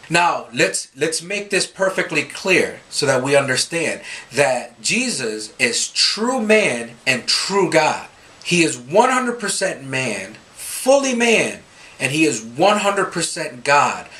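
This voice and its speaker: A man giving a Scripture reflection for a youth ministry, telling stories animatedly and acting out the people he quotes. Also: fairly high pitch. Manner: animated storytelling, quoting others in voices.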